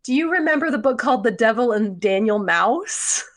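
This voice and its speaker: This woman in her forties, co-hosting a podcast, speaks at a moderate pace with a higher-than-average pitch. Her storytelling is animated, her chat is casual, and she laughs frequently.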